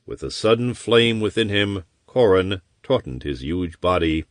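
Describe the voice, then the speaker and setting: A man's voice: sits low, measured pace, few pauses, dry recording, clean studio sound. A man narrating an audiobook expressively in a storytelling manner. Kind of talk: scripted narration.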